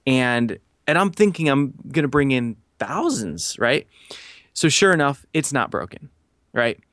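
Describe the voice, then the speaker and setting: Man, 30s, podcast guest; lively storyteller who acts out quotes, fillers galore, dry close mic. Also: mid-range voice, unhurried, no room sound. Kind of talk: casual storytelling.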